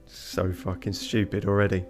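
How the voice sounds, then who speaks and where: Dry low-voiced man streaming a game. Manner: dry, self-mocking, hesitant with many fillers. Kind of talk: casual let's-play commentary.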